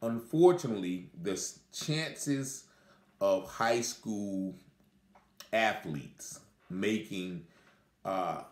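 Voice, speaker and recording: A man's voice: on the low side, drawn-out words. A man giving unscripted commentary, rambling along with many fillers and restarts. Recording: echoey room.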